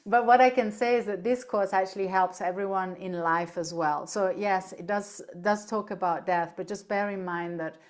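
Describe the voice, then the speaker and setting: A woman speaking as a podcast guest on animal end-of-life care, telling lively stories, laughing easily and often checking in with "right?". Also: mid-range voice, moderate pace, hardly any pauses. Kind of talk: casual interview chat.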